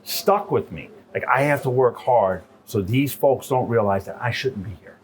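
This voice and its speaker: Middle-aged New man, a chef guest who keeps asking "right?", storytelling style, mid pitch, faint noise behind. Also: moderate pace. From New York. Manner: animated, profane, repeats "right?". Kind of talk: casual storytelling interview.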